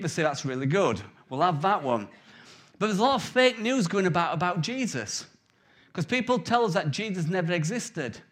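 A man in his forties preaching a conversational sermon with jokes and anecdotes. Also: on the high side. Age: 40s.

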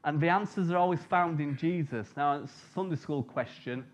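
A man's voice: a little high, moderate pace. A man preaching an informal sermon, chatty and jokey, telling personal stories, on a dull lo-fi recording.

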